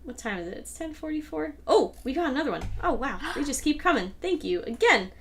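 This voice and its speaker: A woman hosting a casual livestream Q&A, talking loosely with fillers and quick laughs. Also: high voice, big pitch swings, slight background noise. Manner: chatty, rambling with fillers and laughs. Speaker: host and creator of the audio drama.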